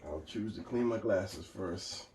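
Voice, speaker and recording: An artist talks through his drawing session, thinking aloud in a casual, rambling way while tired, hiccuping and yawning. His voice is low and a little slow, picked up by a distant mic in an echoey room with a noisy background.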